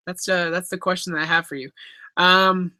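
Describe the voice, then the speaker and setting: A man's voice: high-pitched, little pitch movement, unhurried, pushed and bright, dry recording. A man from Canada hosting a casual live stream Q&A from home, reading chat aloud through his laptop microphone and joking around. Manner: laid-back, reads chat aloud, jokes and swears. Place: home room with pet enclosures.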